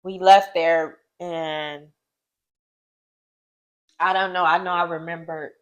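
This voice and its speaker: A woman's voice: little pitch movement, slow pace, lo-fi sound. Young woman, casual couple storytelling, emotional delivery that leaps up on exclamations. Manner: emotional, rising high when exclaiming. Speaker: co-host.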